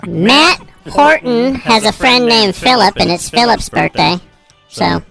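Lively chipmunk-filtered radio co-host. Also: a little slow, creaky, over music. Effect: pitched-up chipmunk voice filter. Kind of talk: casual morning show banter.

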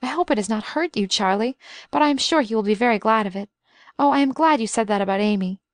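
A woman's voice: a little high, quick pace, no echo, lightly acted. A woman voicing an eager, adoring young girl who talks in an emphatic, breathless way, in a storybook reading. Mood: eager girlish.

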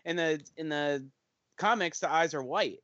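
A man co-hosting a casual podcast chat, arguing his point in an excitable back-and-forth. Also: a little high, normal speed, dry recording, highs cut off. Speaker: podcast co-host.

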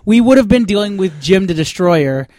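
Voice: medium pitch, animated, normal speed, dark tone, no room sound, clean studio sound. Blunt, joking tabletop player. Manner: blunt, darkly joking, chuckling. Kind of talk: tabletop game play.

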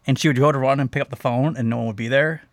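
A man in casual podcast chat who laughs often and bursts into loud shouted curses. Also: mid-range voice, steady tone, racing, dry recording. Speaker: podcast co-host.

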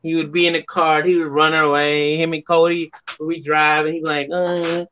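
A man's voice: on the high side, flat delivery, normal speed, bright, forceful tone, lo-fi sound, a little hiss or hum. A man being interviewed about wrestling, telling stories in a casual style and acting out what others said in raised voices, swearing freely. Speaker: wrestler guest.

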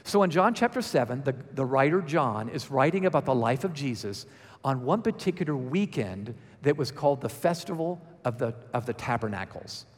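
A man's voice: medium pitch, animated, normal speed, long reverb tail. A man preaching a sermon, talking through it conversationally and then building to emphatic, raised passages.

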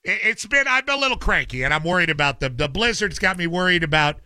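A man's voice: high voice, expressive, fast, sharp tone, dry recording. A middle-aged man hosting a radio show, chatting casually in a dry, grumbling way. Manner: grumbling, dry, self-described cranky. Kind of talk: casual on-air banter.

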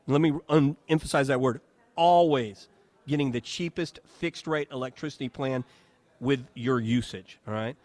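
A man's voice: mid-range voice, moderate pace, a little mellow, no echo. A man hosting a live radio talk show from a home and garden show, chatting, joking and reading ads.

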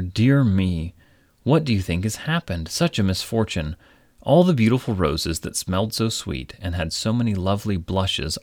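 A man voicing a sobbing little girl princess, gentle and sweet, speaking in a tearful, pleading way in a storybook reading. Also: sits low, no room sound, studio quality, heavily acted.

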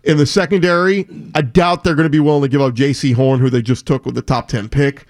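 A man's voice: mid-range voice, fairly even intonation, fast, darkish tone. A man co-hosting a sports talk show, reading a report and talking through player options. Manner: conversational, reads reports then lists players. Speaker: sports talk radio co-host.

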